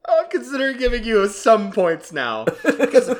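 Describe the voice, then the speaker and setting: A man's voice: extremely high pitch, slow. A man hosting a casual movie-review podcast, scoring his co-hosts' predictions and laughing often. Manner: laughs often, jokey and animated.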